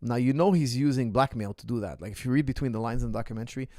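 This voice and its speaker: A man coaching fighters talks loosely through a Q&A, mid-pitched and lively as he tells stories and mimics the people in them. He often restarts his phrases and repeats words. The sound is dry and close, with no room echo. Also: rapid-fire. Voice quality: animated storyteller, acts out quoted people. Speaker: martial arts coach hosting a Q&A. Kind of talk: casual livestream Q&A chat.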